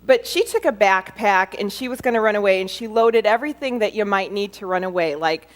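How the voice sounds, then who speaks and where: A woman in her thirties, a motivational speaker telling personal stories to a live audience with emphatic pauses. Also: mid-range voice. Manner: expressive, animated storyteller with emphatic pauses. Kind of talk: storytelling talk to an audience.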